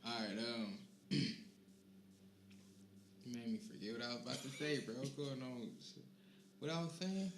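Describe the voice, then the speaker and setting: Young man, podcast co-host, rambling casual chat, trailing off softly, echoey room, faint hiss. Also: mid-range voice, a little slow, pauses often. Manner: laid-back, rambling, trails off quietly.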